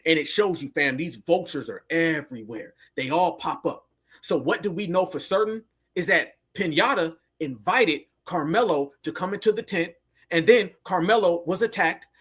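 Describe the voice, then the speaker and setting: Fiery high-voiced male commentator. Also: moderate pace, a bit bright, breathy edge. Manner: fiery, preachy, slangy. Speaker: commentator host. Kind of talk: heated social commentary.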